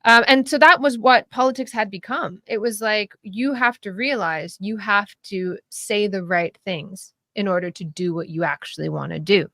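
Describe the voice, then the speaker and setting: Podcast guest, female, animated and chatty, breaks into laughter, restarts her sentences, dry close mic. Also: mid-range voice, moderate pace, few pauses, no echo. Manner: animated, laughing often, many restarts and fillers. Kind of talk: casual political discussion.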